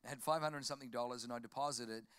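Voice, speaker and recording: Bright-voiced Australian preacher. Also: male voice, mid-range voice, racing, clean tone, no room sound, studio quality. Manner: animated, jokey storytelling. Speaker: pastor. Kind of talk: sermon.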